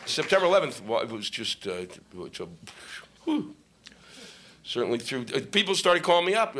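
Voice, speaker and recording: A man doing a stand-up comedy set on stage, ranting and swearing with shouted bursts. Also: mid-range voice, very animated, normal speed, pauses often. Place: comedy stage before a live audience. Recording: live stage mic with noisy audience.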